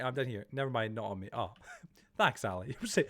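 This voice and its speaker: A man's voice: mid-range voice, very animated, fast, fairly bright tone. A young man streaming live, chatting casually, swearing freely and reacting to viewer chat he reads aloud.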